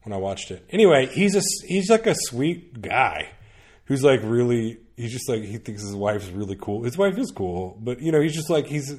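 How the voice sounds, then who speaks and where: A man's voice: mid-range voice, very animated, moderate pace, a little mellow, slightly rough. A man chatting casually on a podcast, rambling with lots of fillers and restarts, laughing now and then. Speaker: podcast guest recommending media. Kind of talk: casual chat.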